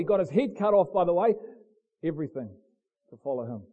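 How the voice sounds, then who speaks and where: High, dark-toned preaching man. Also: lively intonation, a little fast, long pauses, low-quality recording. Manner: preaching with dramatic swings from low murmur to shouting. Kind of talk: sermon.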